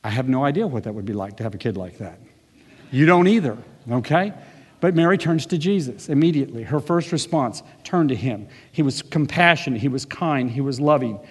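Male pastor, high voice, earnest sermon delivery with casual asides, long hall reverb. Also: husky. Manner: earnest preaching with conversational asides.

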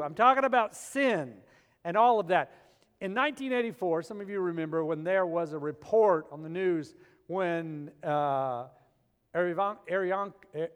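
High-voiced pastor preaching in a reverberant church. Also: male voice. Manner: animated preaching with dramatic shifts in loudness. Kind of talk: sermon. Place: church sanctuary. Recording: long church hall reverb.

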